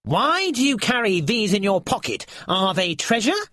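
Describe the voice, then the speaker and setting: A man voicing a greedy, mischievous treasure-hungry creature in a storybook reading, with a squeaky, taunting delivery. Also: sing-song, moderate pace, bright, forceful tone, no echo, heavily acted. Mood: mocking.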